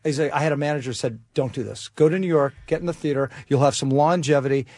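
A man's voice: fairly high pitch, fast, a little mellow. Older man telling a career story. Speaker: co-host. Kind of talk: casual chat.

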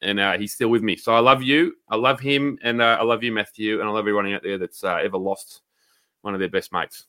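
A man's voice: fairly low pitch, fairly even intonation, fast talker, pushed and bright. A man with an Australian accent co-hosting a podcast in casual, rambling banter and swearing freely. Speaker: podcast co-host.

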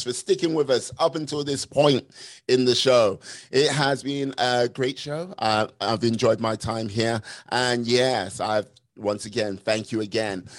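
A man hosting a podcast interview in a casual, playful way, laughing often and drawing out his sign-offs. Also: mid-range voice. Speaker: podcast host.

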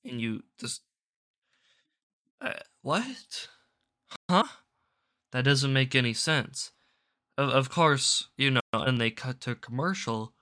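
A man's voice: medium pitch, a little slow, bright, forceful tone. A man doing casual reaction commentary at his home desk into a microphone, sarcastic and rambling, swearing now and then. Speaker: political commentator.

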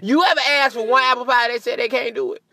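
A man doing a profane, animated comedic rant, laughing at his own jokes. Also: extremely high pitch, quick pace, gravelly, slight background noise. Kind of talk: stand-up style comedic rant.

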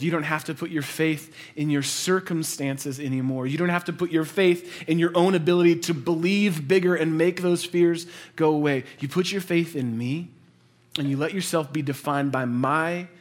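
A man in his thirties preaching a sermon as a pastor, earnest, mixing personal stories with building emphasis and quiet, low endings. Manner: earnest, builds to intense emphasis then drops soft and low; conversational storytelling with quick asides.

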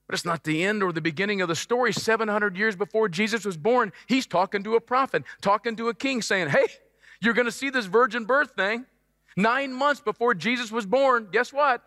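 High, bright-voiced animated male preacher. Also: no echo, studio quality, big-room sound. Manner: animated, emphatic, jokey preaching with sudden loud stresses. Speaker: pastor. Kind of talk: sermon.

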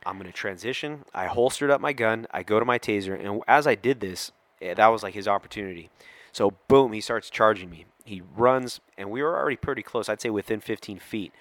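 A man's voice: on the low side, fairly quick, dry recording. A middle-aged man, a police officer, telling a story on a podcast and acting out the quoted lines. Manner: animated storyteller who acts out quoted lines.

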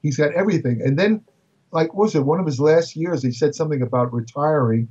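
A man's voice: fairly high pitch, fast, darkish tone, husky, recorded from a distance, muffled recording. An older man from Brooklyn, a bodybuilding writer telling anecdotes in a chatty way, with many fillers and restarts. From Brooklyn, New York. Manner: chatty, repeats words, frequent fillers and restarts. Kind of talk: casual anecdotal storytelling.

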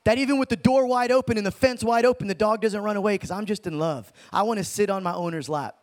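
A young man preaching an informal sermon, animated and slangy, calling listeners dude and man. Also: high voice, fast talker. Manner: slangy, animated, talks in street terms like dude and bro.

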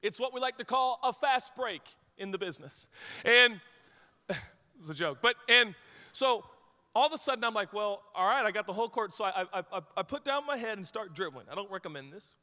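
With a moderate pace and a big-room sound, a high-voiced man preaches as a pastor in a church sanctuary. Hailing from Washington state, he jokes at his own expense and spins lively anecdotes.

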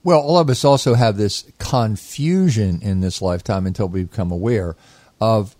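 A man's voice: lowish voice, moderate pace, a little mellow, no room sound. A man co-hosting a talk show, explaining ideas about an inner realm in a reflective, meandering way with frequent restarts. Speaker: co-host, inner child therapist. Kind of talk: casual conversational teaching.

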